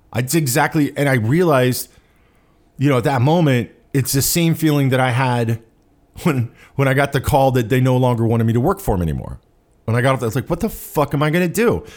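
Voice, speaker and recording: Profane, rambling man musing aloud. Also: medium pitch. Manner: profane, rambling, self-assured. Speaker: podcast host. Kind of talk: casual solo monologue.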